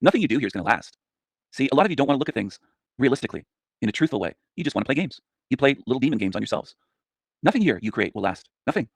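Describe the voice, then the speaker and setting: Fast, gravelly-voiced ranting man. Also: mid-range voice, big pitch swings, no echo. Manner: contemptuous, scolding, repetitive. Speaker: channel host. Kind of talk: ranting monologue.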